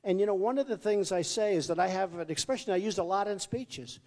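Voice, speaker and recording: Speaking quickly in a high-pitched, slightly mellow voice, a male candidate delivers a rambling, boastful rally speech that circles back on itself. He's at a podium mic in a large venue, with the long reverb of a big hall.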